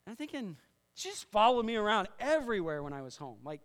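High-voiced male preacher in a reverberant hall. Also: very animated, quick pace, a bit bright, clean tone. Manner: conversational preaching with audience call-and-response; repeats and restarts phrases. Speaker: pastor. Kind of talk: sermon. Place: church sanctuary.

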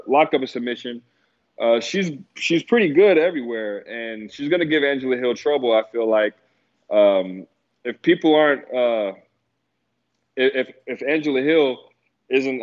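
Casual man, mid pitch, relaxed filler-heavy podcast talk, dull lo-fi sound. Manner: laid-back, many fillers, laughs easily. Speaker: guest analyst. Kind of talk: casual podcast chat about fights.

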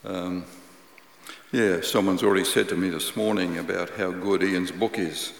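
A man preaching a sermon, praying and reading scripture in a measured, earnest way, repeating key phrases. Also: deep voice, steady tone, gravelly. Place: church hall. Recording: echoey church hall with long reverb.

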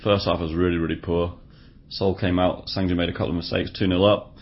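A man's voice: deep voice, level tone, brisk, slight background noise. A man co-hosting a casual football podcast, recapping results with dry, wry understatement. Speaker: podcast co-host. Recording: dull lo-fi podcast audio.

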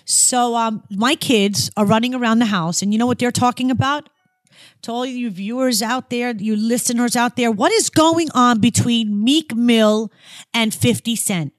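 A woman's voice: fairly high pitch, normal speed, no echo. A woman in her forties co-hosting a casual chat, gushing and dramatic as she tells stories. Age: 40s. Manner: gushing, emotional, dramatic storyteller. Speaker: podcast co-host.

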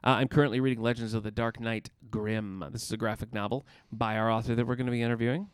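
A man co-hosting a casual podcast, talking in a measured, mildly wry way with frequent fillers. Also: mid-range voice, level tone, clean tone, dry recording. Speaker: podcast co-host, librarian. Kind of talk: casual chat.

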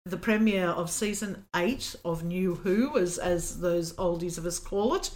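A woman's voice: fairly low pitch, measured pace, a little mellow. A woman co-hosting a podcast, talking casually and enthusiastically about TV shows. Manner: chatty and enthusiastic, swears casually. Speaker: podcast co-host. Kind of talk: casual chat.

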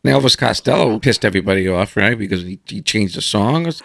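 Male host, gravelly, casual prompting interviewer. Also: lowish voice, expressive, fast talker, fairly bright tone. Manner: short affirmations and prompting questions.

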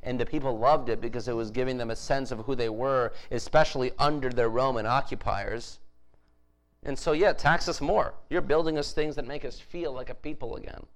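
A man's voice: mid-range voice, fairly even intonation, fairly quick, low-quality recording. A man preaching a sermon in a conversational way, with frequent restarts and emphatic rises. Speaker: pastor.

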